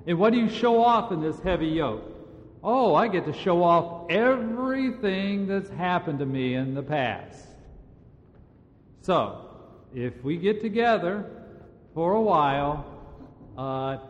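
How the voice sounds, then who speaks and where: Slow-talking preacher in an echoing hall. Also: male voice, high voice, animated. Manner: conversational preaching, slow and emphatic. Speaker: pastor. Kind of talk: sermon. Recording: dull sound in a large reverberant hall.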